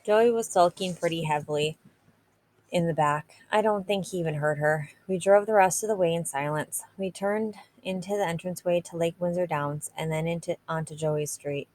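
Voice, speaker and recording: A woman reading a novel aloud in a steady, plain narrating manner. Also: on the low side, normal speed. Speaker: reader.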